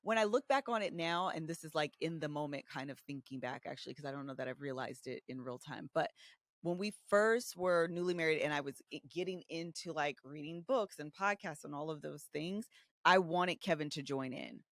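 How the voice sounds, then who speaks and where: A woman in her thirties, co-hosting a podcast and telling candid stories about her own marriage, animated and casual, acting out the voices she quotes. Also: sits low, fairly quick, no room sound, clean studio sound. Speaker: podcast co-host. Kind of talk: candid conversational storytelling.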